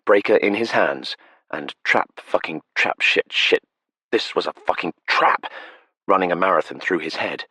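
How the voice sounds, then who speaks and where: Deep husky guy reading an audiobook, steady and measured, dry studio sound. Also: dry recording. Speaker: audiobook narrator. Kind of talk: scripted narration. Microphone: close studio mic.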